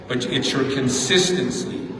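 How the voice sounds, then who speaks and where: A middle-aged man speaks at a measured pace in a mid-range voice during a graduation ceremony in a large hall. His motivational speech features a story and emphatic repetition, recorded distantly with echo and background noise.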